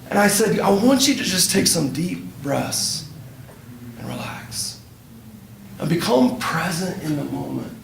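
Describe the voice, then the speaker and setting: A man giving a workshop talk at a conference, slow, dropping to soft near-whispers as he leads someone through a prayer. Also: high-pitched, sing-song, gravelly. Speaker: workshop speaker. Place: conference room. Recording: distant echoey room with background noise.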